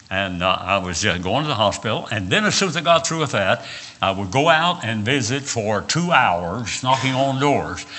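A man's voice: mid-range voice, sharp tone. An older man from West Virginia with a Southern accent, preaching a sermon and telling folksy personal stories with frequent "uh"s and repeated words.

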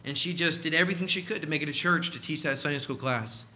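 Male preacher, storytelling sermon, very bright and tense voice, slightly high, emphatic delivery. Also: fast, slight background noise. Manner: emphatic, acts out quoted voices.

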